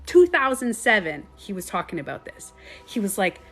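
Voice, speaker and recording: A woman who coaches meditation, telling a personal story on a live stream in an animated way, swearing casually and laughing often. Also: mid-range voice, moderate pace, soft background music.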